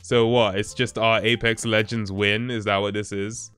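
A man's voice: fairly low pitch, flat delivery, normal speed, fairly bright tone, smooth. A man livestreaming who chats casually with his viewers, laid-back and often chuckling as he reacts to their posts. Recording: stream with faint background music.

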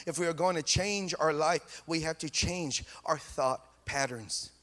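A man preaching a sermon as pastor, animated and repeating phrases, in a church hall. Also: fairly high pitch, measured pace.

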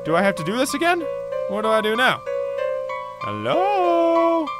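A man's voice: high voice, big pitch swings, fast, over loud music. A man hosting a horror game let's play, yelping and screaming at scares while chatting to viewers at a desk microphone. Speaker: let's play gaming host. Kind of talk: horror gameplay commentary.

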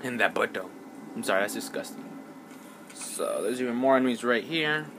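Over a noisy background, a gamer offers casual let's play commentary as he plays, rambling along and making fun of himself. His mid-range voice is animated and moderately paced, and now and then he mumbles words repeatedly under his breath.

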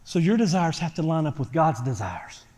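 A pastor preaching a sermon to his church, swinging from quiet talk to loud shouting. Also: fairly high pitch, very animated, normal speed. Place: church sanctuary. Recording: church hall reverb.

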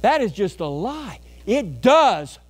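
Emphatic high-voiced preacher man. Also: very animated, slow, slightly rough. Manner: emphatic preaching with sudden loud bursts and storytelling asides. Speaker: pastor. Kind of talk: sermon. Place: church sanctuary.

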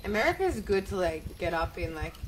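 A woman's voice: mid-range voice, very animated, a little fast, a little hiss or hum. A young woman streaming a game, chatting casually, reading out viewer comments and swearing freely. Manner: chatty, swears freely, jumps between topics. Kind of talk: casual chat while gaming and reading out comments.

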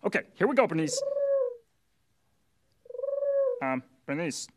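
Prim, nasal puppet Bert. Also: male voice, a little high, very animated, fast. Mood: explaining. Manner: patient, prim, mildly exasperated. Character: fussy, prim grown-up puppet man.

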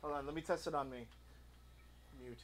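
A man hosting a casual livestream chat, explaining things in halting, rambling bursts with many restarts. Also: on the high side, steady tone. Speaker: livestream host. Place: home studio with soundboard.

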